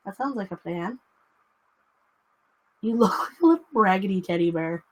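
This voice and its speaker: A woman's voice: mid-range voice, expressive, normal speed, slightly rough, no echo. Chatty young woman livestreaming. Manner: chatty, coos baby talk to her dog. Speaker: livestream host. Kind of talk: casual livestream chat.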